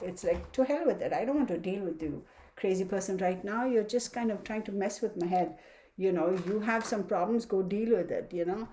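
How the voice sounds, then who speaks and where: A woman at a mid-range pitch gives a loose, conversational weekly horoscope. She talks frankly and plainly, in a chatty way, and often acts out quick exchanges with imagined people. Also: darkish tone. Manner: chatty, frank, slips into mock dialogues. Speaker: astrologer giving weekly sign readings. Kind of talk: casual chatty astrology forecast.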